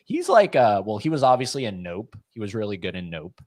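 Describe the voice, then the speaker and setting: A man co-hosting a casual livestream chat, talking quickly and laughing often. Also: on the low side, big pitch swings, a little mellow, no room sound. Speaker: livestream co-host.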